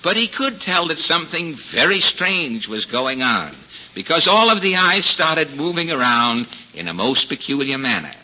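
Lively man narrating a storybook. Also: medium pitch. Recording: dull, hissy old recording.

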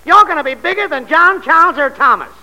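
An actor playing a brash, pushy booking agent in an old radio comedy. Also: male voice, very high voice, expressive, sharp tone, a little hiss or hum, exaggerated voice. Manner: brash, fast-selling.

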